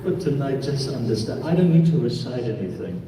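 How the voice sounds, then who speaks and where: A man's voice: medium pitch, big pitch swings, fairly quick, a crowd in the background. A man, a cleric, giving a mourning sermon and telling stories, questioning the congregation directly and earnestly. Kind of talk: sermon with storytelling narration. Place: large hall with a congregation. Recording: echoey hall, distant mic, background noise.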